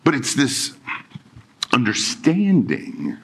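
A man's voice: medium pitch, huge pitch swings, takes it slowly, breathy edge. A middle-aged male pastor giving a conversational sermon, joking and acting out quoted dialogue.

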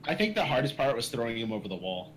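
A man co-hosting a podcast, laughing as he tells an embarrassing story. His voice is mid-pitched and lively. A faint hiss sits under the recording. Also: quick pace. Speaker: podcast co-host. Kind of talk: casual group chat.

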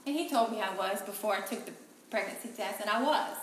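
A woman sharing an emotional personal testimony in a halting, soft-spoken way, often repeating her words. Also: mid-range voice, very echoey, a little hiss or hum, poor audio.

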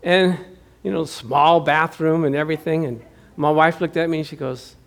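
A middle-aged man preaching a sermon as pastor, animated, with loud bursts and chuckling asides as he tells stories. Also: fairly high pitch, moderate pace, creaky.

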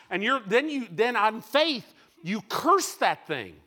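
A male preacher with a high, lively voice that rises and falls widely. He delivers his sermon in bright, forceful tones, shifting from loud bursts to quiet asides. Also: measured pace, hardly any pauses.

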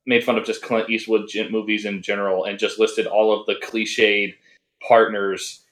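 A man co-hosting a casual comic book podcast, wry and a little halting in his speech. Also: on the low side, level tone, fairly bright tone, reverberant. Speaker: podcast co-host.

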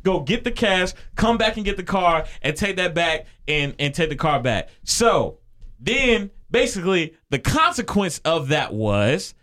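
Speaking at a measured pace in a high voice, this man co-hosts a podcast and tells a story casually and with animation, performing the voices of the people he quotes.

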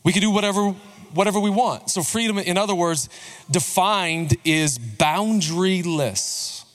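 A man in his thirties, a pastor delivering a sermon in a conversational, joking way with lively swings in pitch. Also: a little slow.

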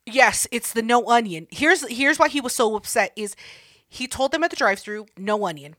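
A woman's voice: fairly high pitch, expressive, normal speed, sharp tone, no echo, studio quality. A young woman co-hosting a podcast, teasing and swearing as she retells stories in casual chat. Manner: profane, teasing, acts out quotes. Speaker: podcast co-host.

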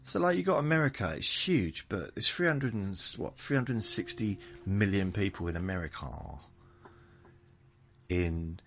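A man's voice: on the low side, lively intonation, moderate pace, fairly bright tone. A man with a southern English accent, hosting a podcast as a meandering, self-correcting monologue meant to lull listeners to sleep. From southern England. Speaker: podcast host.

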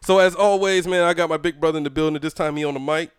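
Man hosting a podcast: brash, profane, joking, clear voice, dry close sound. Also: fairly high pitch, steady tone, quick pace, no echo. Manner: loud, profane, laughing banter. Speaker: podcast host. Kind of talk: casual podcast chat.

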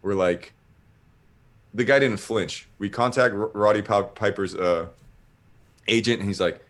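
A man's voice: lowish voice, measured pace, fairly bright tone. A man telling a long casual story, rambling with lots of filler words.

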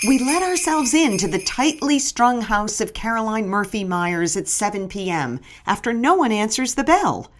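A woman's voice: on the high side, big pitch swings, normal speed, hardly any pauses, slight background noise. A middle-aged woman narrating her memoir in a wry, storytelling manner.

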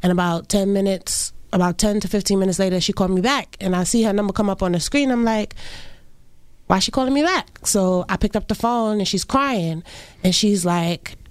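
A young woman, recounting a personal loss in an interview, halting and full of restarts. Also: mid-range voice, clear, resonant tone, no echo, studio quality. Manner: halting, many fillers and restarts. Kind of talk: emotional personal account.

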